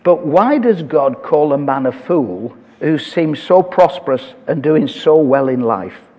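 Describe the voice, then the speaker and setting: A man's voice: on the high side, animated, unhurried, warm tone, in a large hall. A man preaching a sermon, reading scripture aloud and talking it through conversationally with touches of humor.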